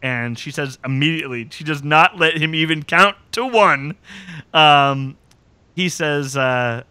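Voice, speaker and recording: A man's voice: fairly high pitch, measured pace, smooth, no echo. A man hosting a podcast, recapping episodes in casual chat and eagerly quoting scenes with joking relish. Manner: animated storytelling, quotes scenes with relish. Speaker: podcast host.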